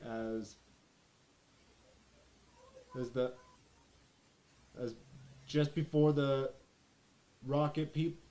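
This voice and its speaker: A man narrating as game master of a tabletop role-play session, often pausing and restarting his phrases. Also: mid-range voice, warm tone.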